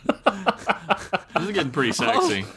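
Lively bright-voiced man joking. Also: fairly high pitch. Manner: quick wisecracks, laughing. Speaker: podcast co-host. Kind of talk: casual banter.

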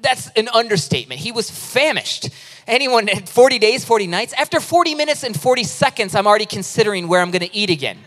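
Man pastor, high voice, lively chatty sermon with jokes, heard in a big reverberant hall. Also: fast. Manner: lively, conversational preaching with humorous stories. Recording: long reverb of a large hall.

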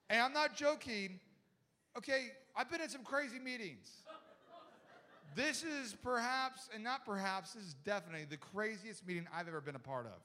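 Bright high-voiced man preaching with humor. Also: fairly quick, long reverb tail. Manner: animated, acts out voices of people in his story; chatty, with many "like" and restarts. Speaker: pastor. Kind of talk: humorous sermon storytelling.

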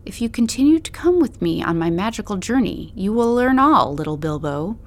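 A woman's voice: mid-range voice, big pitch swings, brisk. A woman voicing a playful, theatrical young man who talks in a mock-grand, teasing way.

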